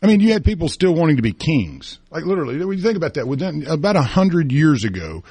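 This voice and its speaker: A man's voice: a little high, sing-song, fast, warm tone, slightly rough, no echo. A man co-hosting a talk radio show, chatting casually about sports and history with folksy fillers and restarts. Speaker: radio co-host.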